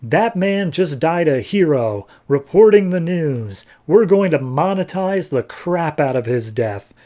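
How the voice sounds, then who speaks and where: A man's voice: fairly high pitch, lively intonation, measured pace, dark tone. A man voicing a greedy male media boss who mock-mourns with cynical glee. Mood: scheming.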